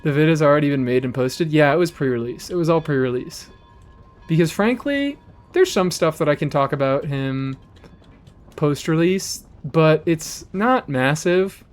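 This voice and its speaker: A man streaming a game live, chatting casually with his audience in an animated, rambling way and swearing freely. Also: on the high side, normal speed, soft background music.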